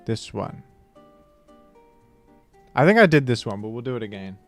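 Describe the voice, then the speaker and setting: Very animated at a normal speed, this mid-range male voice offers casual live-stream commentary on a guessing game, full of laughter and joking mock British impressions. Soft background music plays.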